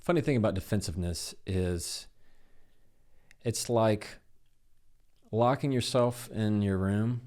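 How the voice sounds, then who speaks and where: A communication expert guesting on a podcast explains how to handle difficult conversations, acting out bits of dialogue in quoted voices. He speaks slowly with frequent pauses, in a voice on the low side, animated as he gives his examples.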